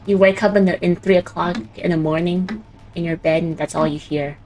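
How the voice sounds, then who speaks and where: A woman's voice: lowish voice, fairly even intonation, a little fast, a little mellow, soft background music. Giggly chatty woman gamer. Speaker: co-op player. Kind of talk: casual gaming chat.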